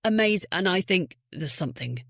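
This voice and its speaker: A woman voice actor with a neutral southern English accent, talking in a lively casual podcast chat and laughing often. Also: fairly low pitch, brisk, vocal fry, no echo, studio quality. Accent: southern English, received pronunciation. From Scotland. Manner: chatty, enthusiastic, laughs often. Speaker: voice actor and audiobook narrator.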